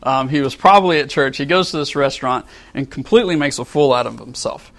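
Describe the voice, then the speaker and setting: A man preaching a sermon, telling a story with animated delivery and acting out the angry quotes as he chuckles along with his congregation. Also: mid-range voice, fast.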